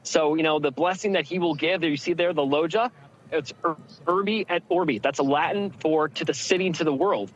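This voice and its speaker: A man's voice: a little high, dull audio, a little hiss or hum. Man reporting live from a crowd. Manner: halting, many fillers. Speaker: field correspondent. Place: outdoors in a packed crowd.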